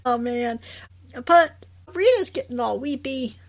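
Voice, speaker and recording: A woman's voice: high-pitched, slow pace. A woman co-hosting a podcast, recapping a show in casual chat, laughing often and acting out the characters' lines. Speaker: podcast co-host.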